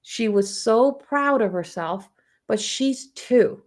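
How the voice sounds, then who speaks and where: A woman in her fifties, a psychic medium, talking gently and encouragingly on a live stream and laughing often. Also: a little high, animated, slow. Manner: tells family anecdotes with mimicked voices. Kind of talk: live-stream spiritual talk.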